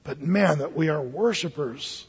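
A man preaching to his church in a somewhat high, breathy voice, pressing his points with emphasis before sinking low and soft in prayer. The sound is dull and lo-fi, and it rings with the long reverb of a large church hall. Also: measured pace. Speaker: pastor. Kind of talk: sermon and closing prayer. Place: church sanctuary.

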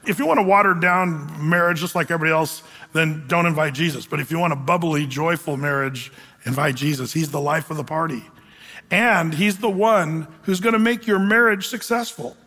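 A male pastor giving a sermon, preaching in an animated, conversational way with humor. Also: fairly high pitch, a little fast. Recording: long hall reverb.

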